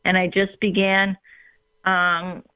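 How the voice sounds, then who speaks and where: A woman telling her personal faith story in a reflective, unhurried way, with frequent ums. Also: fairly low pitch, completely flat delivery, smooth, no room sound. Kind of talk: personal testimony in conversation. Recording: tinny phone line.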